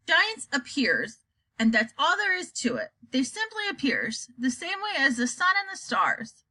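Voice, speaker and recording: A woman's voice: high voice, wildly swooping pitch, unhurried, bright, forceful tone, no room sound, full character voice. A woman voicing a very old, kindly male giant who jumbles his words, in a storybook reading. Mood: wistful. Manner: jumbled grammar, delighted, playful.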